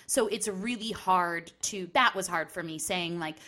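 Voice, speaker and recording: A woman guest on a talk podcast, telling her stories in a chatty, lively way. Her voice sits somewhat low. She speaks casually. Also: a little slow. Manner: chatty, animated storyteller. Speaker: guest actress. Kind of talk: casual interview chat.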